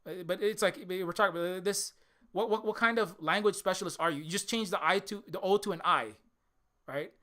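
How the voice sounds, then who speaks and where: A man's voice: high-pitched, a little fast, bright, forceful tone. A man giving a heated, sarcastic commentary rant, full of rhetorical questions, fillers and swearing. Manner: swears often. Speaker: video essayist. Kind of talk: ranting commentary.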